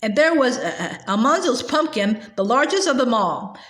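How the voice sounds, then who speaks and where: A woman's voice: a little high, big pitch swings, moderate pace, fairly bright tone, roomy sound. A woman reading a children's novel aloud. Her reading is hesitant, with frequent filler sounds and stumbles. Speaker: storybook reader.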